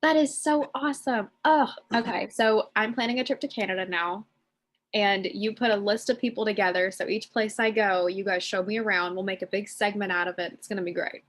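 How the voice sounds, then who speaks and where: A bubbly woman hosting a country music interview over a video call. She talks with eager enthusiasm and a friendly, chatty flow. Her voice sits at a middle pitch. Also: fairly even intonation, brisk. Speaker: interview host.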